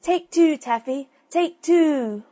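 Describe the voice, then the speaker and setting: A woman voicing a silly turtle dove in a storybook, repeating its cry in a high singsong. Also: slow pace, warm tone. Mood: insistent.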